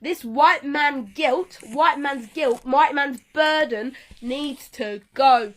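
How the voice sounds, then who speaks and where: Sassy high-voiced young woman lecturing. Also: slow pace, few pauses, fairly bright tone. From Palestine. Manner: sassy, lecturing, rhetorical questions. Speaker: video creator. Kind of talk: speaking to camera over a speedpaint.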